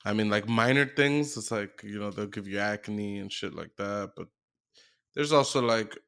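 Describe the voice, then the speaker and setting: A man's voice: fairly low pitch, moderate pace, vocal fry, a bit bright, smooth. Rambling man in a casual podcast chat. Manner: rambling, filler-heavy, profane. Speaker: podcast co-host.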